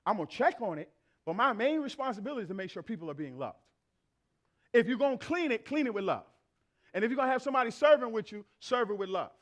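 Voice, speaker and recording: High-pitched middle-aged male pastor, lively storytelling preacher in a church. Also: quick pace. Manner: animated storyteller acting out family dialogue. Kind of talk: sermon with comic anecdotes. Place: church sanctuary.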